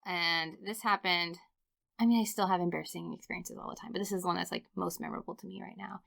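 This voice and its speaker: A woman in her thirties, a podcast guest, telling funny stories in an animated way and laughing often. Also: lowish voice, fast, creaky. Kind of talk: casual storytelling interview.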